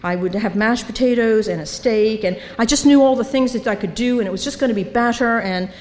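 A woman's voice: a little high, brisk, darkish tone. An older woman sharing her recovery story at a meeting, storytelling with humor and acting out the voices of others. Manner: storytelling, acts out voices, self-mocking humor. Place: meeting hall. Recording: reverberant hall, faint background noise.

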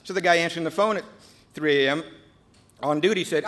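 At a meeting, a man tells the story of his recovery with a fairly high, brisk voice. He's an animated narrator who imitates the voices of others, then turns quiet and sincere when reflecting.

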